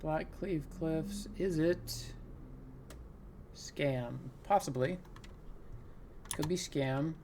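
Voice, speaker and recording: A man's voice: a little high, drawn-out words, long pauses, noisy background. Man narrating his card game play. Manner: talks through plays, exasperated, laughing groans. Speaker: gaming content creator. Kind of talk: live gameplay commentary.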